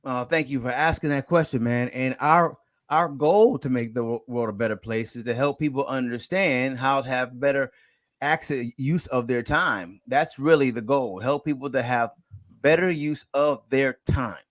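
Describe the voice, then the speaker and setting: A man guest on a business show, talking with lively energy and frequent restarts. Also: medium pitch, normal speed. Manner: energetic, warm storytelling with restarts. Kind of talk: casual interview talk.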